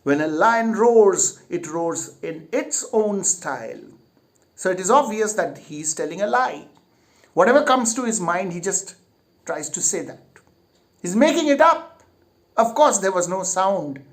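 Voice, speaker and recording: A man's voice: high-pitched, expressive, unhurried. A man teaching literature, reading each line of a play aloud with emphasis and then paraphrasing it plainly.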